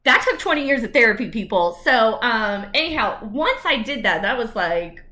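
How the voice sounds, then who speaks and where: A woman's voice: a little high, very animated, moderate pace, bright, forceful tone. A woman lawyer talking candidly to camera in a personal vlog, chatty with asides.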